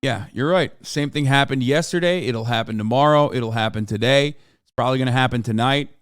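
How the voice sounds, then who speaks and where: A man's voice: mid-range voice, brisk, clean tone, no echo, studio quality. A man streaming a reaction, ranting angrily and emphatically with heavy profanity. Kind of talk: heated livestream reaction commentary.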